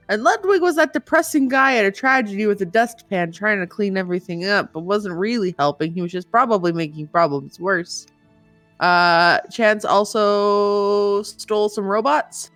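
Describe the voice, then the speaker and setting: A woman's voice: medium pitch, a bit bright, no echo. A woman running a tabletop game, recapping events in a folksy, joking way. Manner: folksy, joking, loose phrasing. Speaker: game master.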